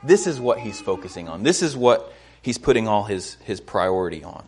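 A man preaching a sermon in an earnest way, often repeating words as he starts a phrase and rising in pitch to stress a point. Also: sing-song, moderate pace, a little mellow, breathy edge.

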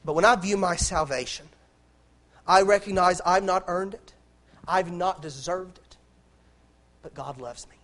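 A man's voice: high voice, unhurried, long pauses, fairly bright tone. A man preaching a sermon in an impassioned way, repeating phrases and restarting lines as he builds.

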